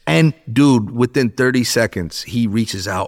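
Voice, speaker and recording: A man in his thirties, a podcast guest, telling a story in casual chat, animated and swearing, acting out what people said. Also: mid-range voice, measured pace, hardly any pauses. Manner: animated, swears, acts out quotes.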